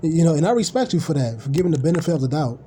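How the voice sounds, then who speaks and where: A man's voice: fairly high pitch, sing-song, racing, dark tone, a little hiss or hum. A man ranting casually on a live stream, blunt, profane and rambling.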